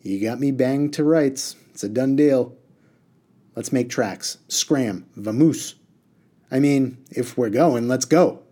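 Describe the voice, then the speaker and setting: A cocky storybook water genie who rattles off one slang phrase after another, high and loud and full of swagger, the way a man reading aloud to a class puts him on. he teases and boasts in every breath. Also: slow. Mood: giving in. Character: brash, slangy, fast-talking male water genie.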